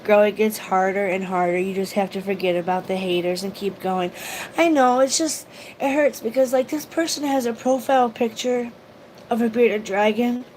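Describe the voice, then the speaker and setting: A woman's voice: medium pitch, normal speed, darkish tone, slight background noise, rough recording. A woman vlogger chatting casually on a livestream, rambling emotionally and greeting viewers by name. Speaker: YouTube vlogger.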